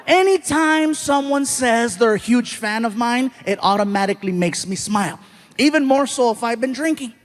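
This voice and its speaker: A man with a high, bright voice works a live comedy stage, telling stories. He jumps in and out of the voices of the people in his tales with lively, animated energy, speaking into a handheld stage mic. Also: moderate pace. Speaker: stand-up comedian. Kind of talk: stand-up comedy storytelling.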